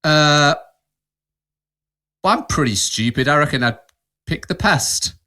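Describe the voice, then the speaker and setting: A man's voice: on the high side, very animated, normal speed, pushed and bright. A man hosting a podcast in casual chat, reading out would-you-rather questions and laughing often. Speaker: podcast host.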